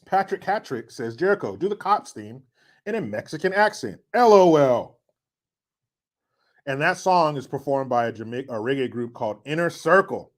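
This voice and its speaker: A middle-aged man runs a laid-back political commentary stream, talking in an animated, medium-pitched voice at a moderate pace. As he reads comments from viewers, he throws in sarcastic, mocking asides that shift from loud to muttered.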